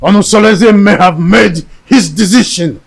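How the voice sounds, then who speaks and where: An actor playing a stubborn, defiant old king who proclaims slowly. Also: sits high, gravelly, breathy edge, heavily acted.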